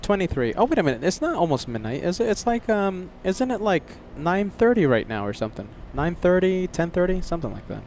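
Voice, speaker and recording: A man's voice: sits high, big pitch swings, fairly quick, few pauses, a little mellow, slight background noise. A man hosting a live plane spotting stream outdoors, chatting casually with viewers by name, sleepy and jet-lagged. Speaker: plane spotting livestream host. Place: outdoors near an airport.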